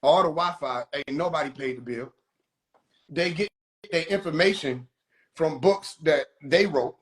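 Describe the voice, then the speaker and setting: A man's voice: fairly high pitch, measured pace. A man hosting a phone livestream, mocking people in a profane comedic rant. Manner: animated, mocking, swears constantly. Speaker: livestream host.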